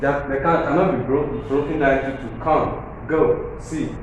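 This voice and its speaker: A man with a Nigerian English accent teaches a grammar lesson at a slow, deliberate pace. He repeats his points and counts out syllables one by one. His voice rings in a very echoey room over a faint background hiss. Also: medium pitch, steady tone, muffled recording. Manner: repetitive, checks understanding, counts syllables aloud.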